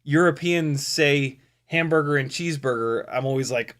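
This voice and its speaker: Rambling American man with a bright tone. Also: on the high side, normal speed. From United States. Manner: rambling, many ums and restarts, reads chat aloud. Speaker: FPV drone live stream host. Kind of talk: casual live stream chat.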